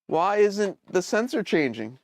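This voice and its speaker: A man hosting a casual live stream, thinking aloud as he troubleshoots and answers viewers' chat with hesitant, halting phrasing. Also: high-pitched, big pitch swings, dry recording, studio quality. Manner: hesitant, many fillers and restarts.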